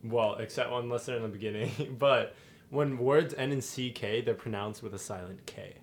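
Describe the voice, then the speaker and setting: A man's voice: mid-range voice, moderate pace. A young man co-hosting a podcast, rambling as he argues an odd opinion, often restarting his sentences. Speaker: podcast co-host. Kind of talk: casual banter.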